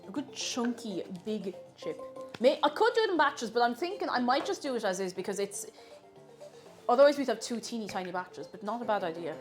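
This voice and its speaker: A woman's voice: fairly high pitch, animated, a little fast, soft background music. A young Irish woman streaming herself cooking, chatting casually and playfully with viewers, joking at her own expense and laughing often. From Ireland.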